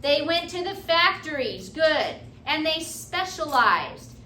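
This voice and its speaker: High bright woman teaching a class. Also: sing-song, slow, a little hiss or hum. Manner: checks in with students often. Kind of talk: classroom lecture. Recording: echoey classroom from far off.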